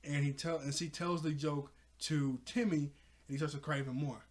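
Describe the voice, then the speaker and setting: A man casually recapping a cartoon episode, excitable and laughing often as he talks to his viewers. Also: fairly high pitch, normal speed. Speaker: cartoon reviewer.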